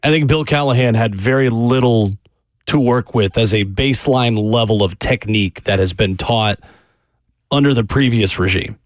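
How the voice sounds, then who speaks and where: A man's voice: mid-range voice, moderate pace, no echo. A man hosting a sports radio show, pressing his co-host with pointed questions.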